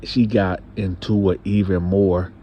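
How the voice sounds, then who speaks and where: Man telling a story, lowish voice. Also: level tone, a little slow, muffled recording, a little hiss or hum. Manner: repetitive restarts, talks straight to viewers. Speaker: storyteller, channel host. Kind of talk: casual storytime narration.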